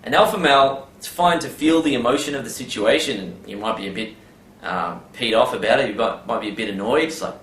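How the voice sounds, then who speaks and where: A man's voice: medium pitch, expressive, a little fast, hardly any pauses, a bit bright, slight background noise. A man giving a casual advice monologue, rambling with many fillers and tag questions. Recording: roomy with faint background ambience.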